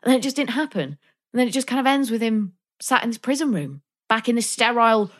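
Animated woman chatting about films. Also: on the high side, fast. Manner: animated, acts out reactions in quoted asides. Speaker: podcast co-host. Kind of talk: casual film discussion.

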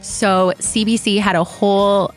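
A woman telling stories as a guest in a casual interview, animated and quick to laugh. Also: mid-range voice, faint music behind. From Canada. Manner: animated storyteller, laughs often. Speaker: guest singer.

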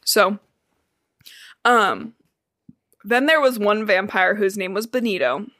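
A woman's voice: mid-range voice, animated, takes it slowly, fairly bright tone, no echo. Midwestern lady cohost rambling about a book, swears a lot, laughs easy, dry close sound. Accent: Midwestern American. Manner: chatty, swears freely, laughs often. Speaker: podcast co-host. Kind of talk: casual book-discussion podcast chat.

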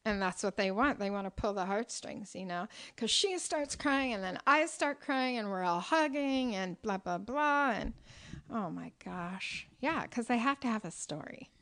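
A woman's voice: fairly high pitch, expressive, moderate pace, few pauses, fairly bright tone, poor audio. A middle-aged woman, a restaurant owner and cookbook author, telling stories in a casual interview chat, with lots of fillers and frequent laughter. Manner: chatty storyteller, laughs often, many fillers.

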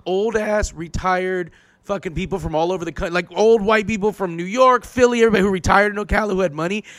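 A man, a stand-up comedian, telling stories in a casual podcast chat, animated, loud and profane. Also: high voice, quick pace, no room sound.

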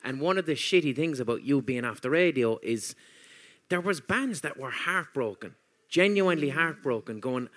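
A man's voice: medium pitch, expressive, normal speed, a bit bright. A man hosting a podcast, rambling through jokey, crude casual chat. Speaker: podcast host.

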